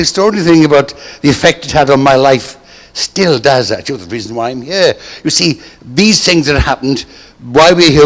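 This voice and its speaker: A man's voice: on the high side, fairly bright tone, in a large hall. An older man from Britain tells stories to a live audience with a theatrical manner, acting out the people he quotes. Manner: theatrical, acts out quoted voices. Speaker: storyteller on stage. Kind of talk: anecdote told to a live audience.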